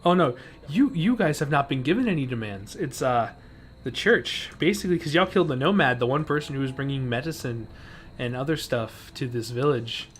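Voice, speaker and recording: A man's voice: mid-range voice, expressive, fairly quick, a little hiss or hum. A young man running a streamed tabletop game as game master, laughing often and teasing his players between stretches of casual narration.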